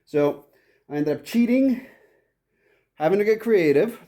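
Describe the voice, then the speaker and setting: A man's voice: high voice, lively intonation, measured pace, mellow, no echo. A man vlogging outdoors on his homestead, chatting casually and coaxing and scolding his goats. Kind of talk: casual vlog narration. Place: outdoors on a farm.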